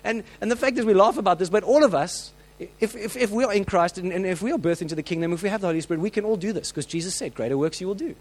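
A man preaching a sermon, telling stories with lively acted-out voices and frequent restarts. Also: high-pitched, racing, few pauses, poor audio. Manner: animated storytelling, acts out quoted voices; many restarts and filler words.

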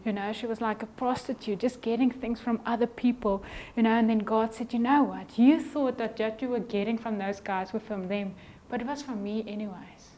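A middle-aged woman preaching a conversational sermon in a church, animated and chatty, acting out little scenes and sometimes dropping her voice to a near whisper. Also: fairly high pitch, brisk. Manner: animated, conversational, acts out voices in quotes, drops to a whisper at times.

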